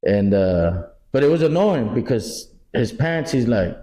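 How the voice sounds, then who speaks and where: A middle-aged Texan man co-hosting a podcast, telling animated stories in casual chat, acting out quotes and swearing freely. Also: mid-range voice, measured pace, few pauses. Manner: animated storyteller, acts out quotes, swears a lot. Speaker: podcast co-host.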